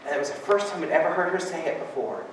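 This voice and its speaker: A pastor preaches a sermon full of funny family stories, laughing often along the way. His voice is on the high side and comes out rapid-fire. The recording is noisy, captured from far off in an echoey hall.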